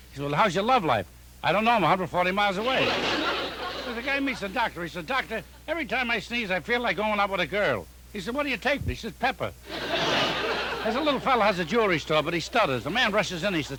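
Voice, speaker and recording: A comedian telling rapid-fire deadpan jokes on a telephone joke line. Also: male voice, sits high. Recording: noisy archival recording with clicks.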